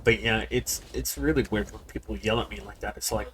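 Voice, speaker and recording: A man's voice: fairly low pitch, fairly even intonation, brisk, slightly rough. A man giving casual, rambling commentary while playing a game, often repeating words and talking straight to his viewers. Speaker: game streamer. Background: people yelling in the background.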